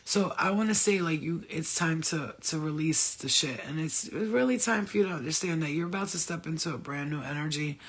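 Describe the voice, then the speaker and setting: A high-voiced man with a husky edge delivers a loose, profane pep talk straight to his viewers. His speech is blunt and rambling, full of asides and repeated points. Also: fairly quick, hardly any pauses, a bit bright. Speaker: spiritual vlogger. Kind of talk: casual motivational rant.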